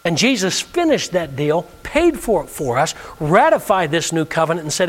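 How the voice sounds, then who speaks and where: Lively, high-voiced man preaching in a hall. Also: moderate pace, few pauses. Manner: preaching with call-and-response, lively and emphatic. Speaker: pastor. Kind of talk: sermon. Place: church sanctuary.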